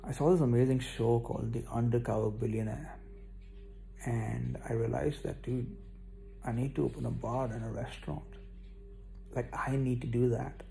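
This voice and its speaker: Young male vlogger, gravelly and relaxed, scattered and self-deprecating, talking straight to viewers, tired. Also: medium pitch. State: yawning, tired. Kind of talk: casual rambling vlog to camera.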